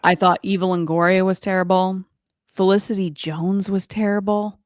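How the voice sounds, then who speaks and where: Speaking in a mid-range voice with flat delivery at normal speed, this woman co-hosts a podcast in easygoing conversation. Her manner is chatty, full of "like," with playful voices for quoted people. Clean studio sound with no room sound.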